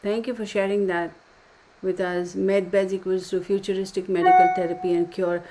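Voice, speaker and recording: A woman's voice: medium pitch, little pitch movement, normal speed, mellow, slight background noise. A woman hosting a casual live stream, reading viewer comments aloud, often laughing and exclaiming in surprise.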